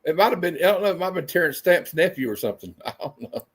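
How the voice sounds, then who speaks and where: A man with a twang hosts a loose movie chat from a home stream setup. His voice sits a bit high for a man, and he talks with an animated, laughing energy. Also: husky. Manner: animated, quick to laugh, slips into silly impressions. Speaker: host of a movie discussion show.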